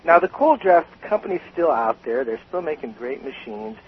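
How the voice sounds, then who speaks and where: An older man, a guest on a radio talk show, telling stories about bartending with animated emphasis. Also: fairly high pitch, moderate pace. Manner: animated storyteller, emphatic with laughs. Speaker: guest, cocktail author and former bartender. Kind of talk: radio interview. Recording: slightly dull radio sound with faint hiss.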